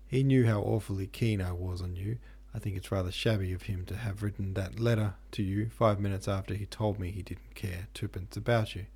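A lovesick young man in a storybook reading, keeping his voice measured and calm while hurt underneath, as a man reads him in a low, mellow, husky voice. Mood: strained calm.

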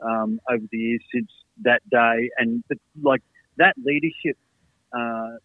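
A man's voice: mid-range voice, steady tone, a little slow, no echo, phone-quality sound. A man talking as a guest in a casual chat, enthusiastic and swearing casually.

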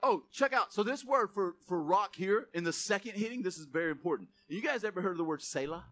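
A male pastor preaches with an animated, joking manner, reading scripture aloud. His voice sits very high and sounds bright and sharp. Now and then he bursts into a shout on quoted lines. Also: fast talker. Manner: animated, jokey asides, reads scripture aloud. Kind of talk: sermon.

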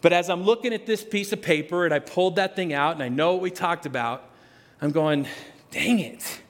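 A man preaching a conversational sermon as pastor, animated, with restarts. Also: fairly high pitch, a little fast. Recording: long hall reverb.

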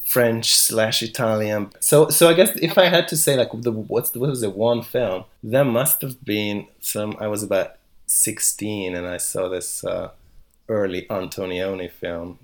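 A man's voice: on the low side, measured pace. A middle-aged man, a philosopher, talking as a podcast guest with many restarts and hesitations. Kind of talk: podcast interview.

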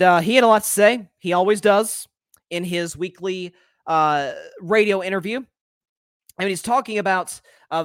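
Young adult male podcast host, lively solo sports talk, slightly high voice, dry close mic. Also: no echo. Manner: animated, with frequent repeated words and restarts.

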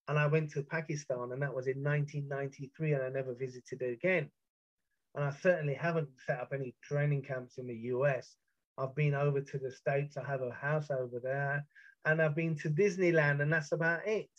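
A man's voice: a little high, steady tone. Intense British man, muffled recording. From Britain. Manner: intense, halting, with repeated restarts. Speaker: storyteller. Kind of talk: first-person account of a past ordeal.

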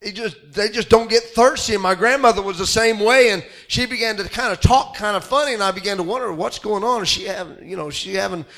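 A middle-aged man preaches in a high, bright voice. He talks in a folksy, conversational way, with lots of "uh" and restarts. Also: quick pace, few pauses. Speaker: pastor. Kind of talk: sermon.

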